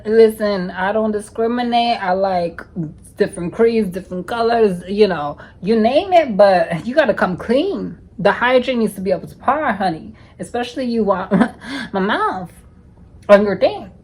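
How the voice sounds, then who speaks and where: A woman's voice: mid-range voice, expressive, measured pace, darkish tone, husky. A woman from the United States spins a raunchy storytime tale for her viewers. Her delivery is sassy and profane, with "honey" dropped into nearly every line. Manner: sassy, profane, calls listeners honey constantly. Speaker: storytime vlogger. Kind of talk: casual storytelling.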